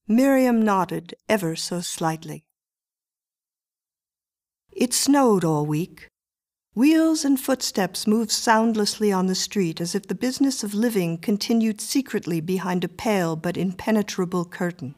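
A woman narrating a short story as an audiobook in a calm, measured way. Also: medium pitch.

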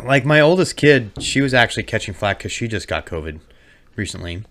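A man's voice: lowish voice, very animated, a little fast, a bit bright, a little hiss or hum. A man co-hosting a crude podcast, chiming in with quips and telling profane family stories in a casual way. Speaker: podcast co-host.

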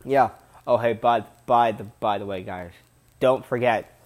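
A man's voice: lowish voice, unhurried. A young man reviewing a metal album in a casual vlog, rambling and repeating himself with loose slang. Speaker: music reviewer.

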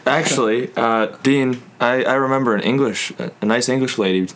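A man's voice: mid-range voice, steady tone, normal speed, fairly bright tone. A young man guest on a podcast, chatting in an easygoing way, hedging his claims and chuckling along. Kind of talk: casual chat.

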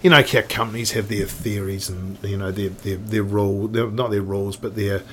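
Rambling New man, lowish voice. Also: little pitch movement, normal speed, a bit bright, slight background noise. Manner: rambling, many restarts and swearing. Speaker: guest. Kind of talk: casual storytelling chat.

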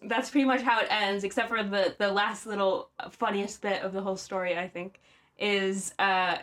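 A woman's voice: mid-range voice, fairly even intonation, normal speed, a bit bright. A young woman hosting a podcast, telling a story in casual chat, filling her talk with "like" and "um" and laughing often. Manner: chatty, lots of "like" and "um", laughs often. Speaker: podcast host.

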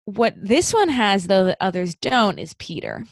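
A young woman co-hosting a casual chat, lively as she acts out the characters' lines. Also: mid-range voice, a little slow, dry recording, studio quality. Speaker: podcast co-host. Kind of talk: casual chat recapping a movie.

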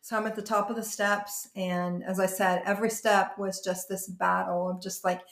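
A woman pastor telling her personal testimony in an interview, earnest and emotional, often halting and restarting. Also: medium pitch, flat delivery, creaky, echoey room, soft background music.

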